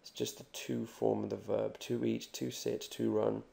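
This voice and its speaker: Male language tutor, flat even delivery, gruff fry, calm and jokey explanations. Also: on the low side. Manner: jokey, reassuring, repeats examples slowly. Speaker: Spanish teacher. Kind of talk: explaining grammar on a video lesson.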